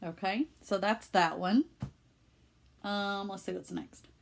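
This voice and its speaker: A woman's voice: mid-range voice, slow pace, vocal fry. A middle-aged woman with a Southern US accent, chatting casually and with feeling in her cross-stitch vlog at home. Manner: chatty and emotional, with many fillers. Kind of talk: casual chat.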